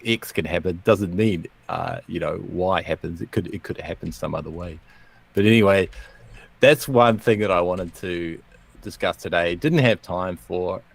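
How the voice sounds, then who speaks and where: Male co-host, low register, rambling and self-correcting, casual chat. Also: creaky. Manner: rambling, self-correcting, chuckles at own jokes. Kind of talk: casual chat, then reading a comic poem.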